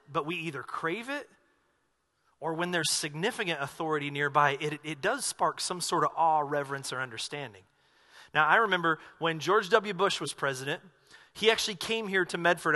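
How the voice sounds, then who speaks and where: A man's voice: high voice, bright, forceful tone, in a large hall. A man from the American South preaching a sermon as pastor, in a conversational, jokey storytelling manner.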